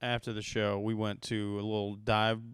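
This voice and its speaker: Smooth-voiced, profane comedian rambling. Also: male voice, lowish voice, level tone, moderate pace, a bit bright, dry recording, clean studio sound. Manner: rambling, profane, gets worked up. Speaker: comedian podcast host. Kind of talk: casual storytelling monologue.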